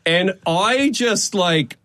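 A man with a high, swooping voice tells a story on radio in a relaxed chat. He acts out everyone's lines as he goes. His studio sound is dry and close. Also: very slow, no echo. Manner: animated, acts out quoted voices. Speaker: radio host. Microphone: studio microphone.

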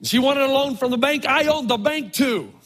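A man preaching a sermon, telling stories with animated, drawn-out emphasis in a large church. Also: very high voice. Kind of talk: sermon with storytelling. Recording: long reverb of a large hall.

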